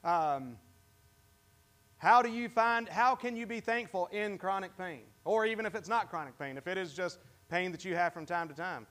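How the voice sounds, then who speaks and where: A man's voice: high-pitched, sharp tone. A pastor giving a sermon in church, talking conversationally, often restarting his sentences and asking the congregation questions. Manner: halting, with many restarts. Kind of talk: interactive sermon.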